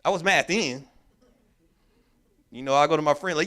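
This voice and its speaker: A man's voice: a little high, moderate pace. A man giving a mental health workshop talk at a church, telling stories with emphasis and acting out the lines of the people in them. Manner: animated storyteller who acts out quoted dialogue; emphatic, repeats key words. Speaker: workshop speaker.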